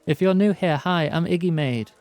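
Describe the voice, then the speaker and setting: A man's voice: on the high side, moderate pace, no echo. A man streaming a game, chatting and laughing with viewers and reading ability text aloud. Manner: bursts of excited greetings to chat. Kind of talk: casual game commentary.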